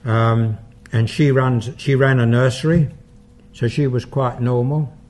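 An older man, a paranormal investigator, giving a lecture and taking audience questions in an unhurried, anecdotal storytelling manner. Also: medium pitch, steady tone, a little mellow. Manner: anecdotal, unhurried storyteller who acts out quoted dialogue.

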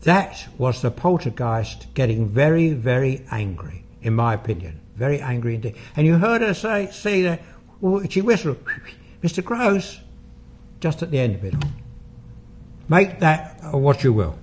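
A man's voice: mid-range voice, big pitch swings, moderate pace, a little mellow, slightly rough. An older man, a paranormal investigator, giving a public talk and taking audience questions, in a conversational, anecdotal way with asides and fillers.

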